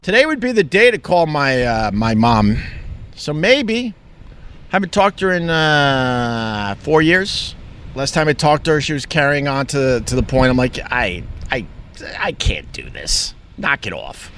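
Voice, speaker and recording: A man's voice: a little high, sing-song, a little slow, fairly bright tone, slight background noise. A middle-aged man from Long Island talking candidly in a rambling, casual monologue, swearing freely. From Long Island, New York. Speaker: vlogger.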